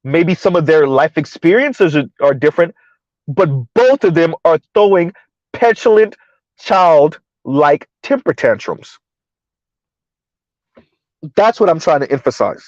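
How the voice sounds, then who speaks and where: A man's voice: a little high, very animated, unhurried, pauses often, a little mellow, no room sound, muffled recording. A man hosting a casual commentary show, talking in a blunt, sarcastic, rambling way.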